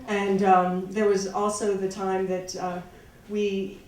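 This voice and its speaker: A woman telling a personal story live on stage, halting with restarts and wry, laughing asides. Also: mid-range voice, level tone, a little mellow. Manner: halting, many restarts and fillers. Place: small live venue. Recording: echoey, far-off room mic.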